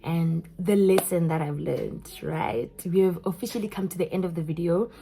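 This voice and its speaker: A young South African woman with a South African accent, telling a story in an animated way straight to her viewers. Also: on the low side, moderate pace, vocal fry. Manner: animated, keeps addressing viewers as guys. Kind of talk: storytime vlog.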